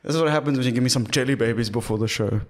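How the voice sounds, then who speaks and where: South african man, comedy podcast co-host, joking banter, middle-pitched voice, quick laughs. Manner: jokey, laughs often, does silly put-on voices. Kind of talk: comedic casual chat.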